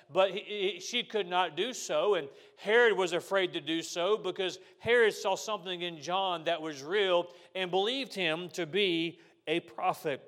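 Man, pastor, high voice, earnest preaching, rhetorical questions. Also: a bit bright. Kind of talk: sermon.

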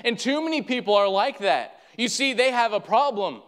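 A man's voice: extremely high pitch, lively intonation, normal speed, a bit bright, clear, resonant tone. A man preaching a sermon as pastor, fervent and repetitive, calling his listeners friend.

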